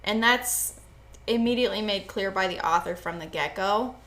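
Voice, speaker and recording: A woman's voice: medium pitch, moderate pace, fairly bright tone. A woman co-hosting a podcast, casually retelling a book's plot with emphatic phrasing and frequent swearing. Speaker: podcast co-host.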